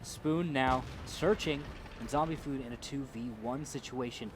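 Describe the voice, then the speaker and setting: A man giving live play-by-play commentary on an esports tank match, getting louder and quicker as the fights heat up. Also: mid-range voice, noisy background. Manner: rises to excited calls during fights. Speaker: esports caster.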